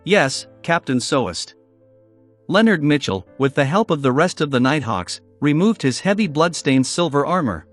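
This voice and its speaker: Audiobook narrator, male, fairly high, very lively intonation. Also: moderate pace, hardly any pauses, faint music behind. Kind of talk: audiobook narration of a fantasy novel.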